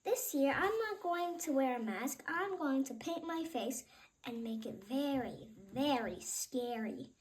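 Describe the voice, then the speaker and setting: A woman's voice: sits high, animated, a little slow. A woman voicing a bold, mischievous young boy in a read-aloud storybook.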